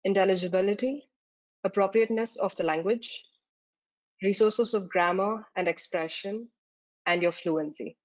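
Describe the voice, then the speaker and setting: A woman's voice: mid-range voice, moderate pace. A woman tutor giving a slide-based lecture, explaining terms step by step with frequent "uh" fillers. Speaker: exam tutor. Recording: dull lo-fi recording.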